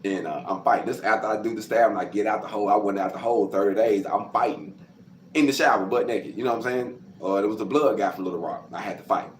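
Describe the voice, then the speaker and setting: A man from Arkansas, casually telling his life story to camera, acting out quotes and sound effects and getting loud as he goes. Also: fairly low pitch, quick pace. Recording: roomy with faint background noise.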